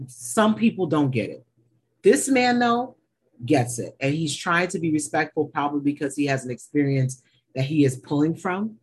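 A woman's voice: sits low, lively intonation, normal speed, husky. A woman co-hosting a casual TV recap, blunt, opinionated and swearing freely. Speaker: podcast co-host.

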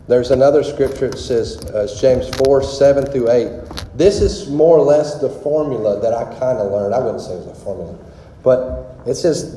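A man's voice: medium pitch, lively intonation, normal speed, dark tone. A man preaching a casual, rambling testimony sermon full of fillers. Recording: very echoey hall with long reverb.

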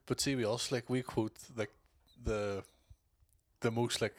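A man's voice: medium pitch, fairly even intonation, a little slow, dry recording. A man in casual podcast chat, swearing freely and quoting comedy shows. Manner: swears a lot, laughs often, quotes shows. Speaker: podcast co-host.

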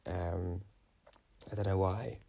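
A young man co-hosts a podcast, casually chatting as he rambles through the story of a dream, full of "um"s and "I was like." His voice is deep, steady, creaky and mellow, and he takes his time.

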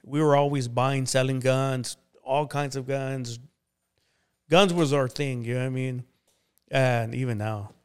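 A man who is a pastor, appearing as an interview guest, tells his life story in a relaxed, conversational way, with many fillers like "you know." His medium-pitched voice is clear and resonant, at a measured pace.

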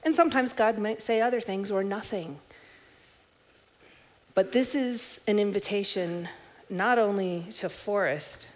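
A middle-aged woman preaching a sermon as a pastor, telling stories in a reflective way with soft restarts. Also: mid-range voice, unhurried.

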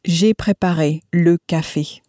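A woman giving model pronunciations in a language lesson, saying each phrase slowly and clearly, often twice. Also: lowish voice, mellow, no room sound, studio quality. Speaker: native speaker model voice in a lesson. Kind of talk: slow, careful model pronunciation.

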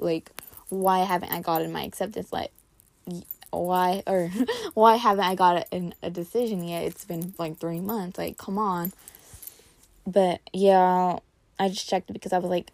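Her voice sits on the low side and sounds a bit mellow, with no room sound. She's a young adult heading into college, sharing a personal story on a laid-back vlog in a chatty style loaded with "like" fillers.

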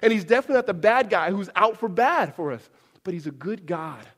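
Man, high voice, preaching a sermon, animated, echoing hall reverb. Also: a little fast. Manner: animated, acts out quoted voices with big pitch swings. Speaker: pastor.

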